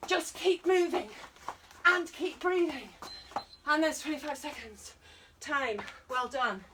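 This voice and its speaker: A woman's voice: high-pitched, slow pace, far from the mic, background noise. Breathless British woman coaching a workout. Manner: encouraging, counting down and coaching while exercising. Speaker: fitness instructor. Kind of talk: online exercise class.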